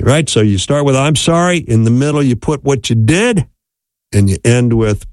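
A man giving a relaxed, conversational teaching talk on marriage, often checking in with "right?" and "okay?". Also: mid-range voice, normal speed, no echo. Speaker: speaker on marriage.

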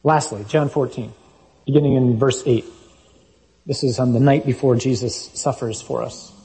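A man's voice: mid-range voice, steady tone, moderate pace, mellow, low-quality recording. A man preaching a sermon, reading scripture aloud and making his points with emphatic, punchy delivery.

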